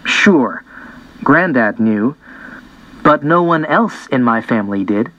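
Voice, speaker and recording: A man reading a story aloud in an expressive first-person narration. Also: medium pitch, slow, highs cut off. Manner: lively, expressive reading with voiced dialogue. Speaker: audiobook narrator.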